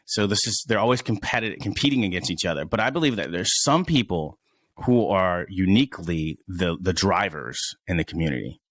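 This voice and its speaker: A man's voice: low voice, animated, fairly quick, a bit bright, no room sound. A young man in his twenties chatting as a podcast guest, rambling and searching for words as he goes. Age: 20s. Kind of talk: casual podcast chat.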